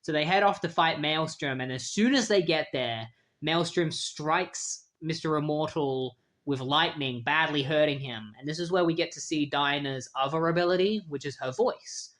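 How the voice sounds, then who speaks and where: A man's voice: a little high, normal speed, a bit bright. A man casually retelling a comic book story in a loose, chatty way, often saying "like".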